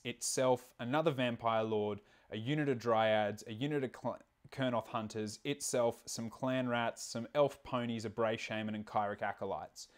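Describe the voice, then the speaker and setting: Man, stream host, casual rambling chat, swears a lot, mid-pitched voice. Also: smooth. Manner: laid-back, profane, rambling with many fillers.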